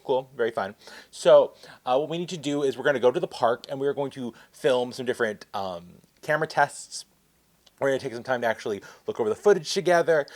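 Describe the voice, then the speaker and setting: A man tells a story on his vlog, chatty and excitable, rambling from one detail to the next. His voice sits at an ordinary middle pitch. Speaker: vlogger.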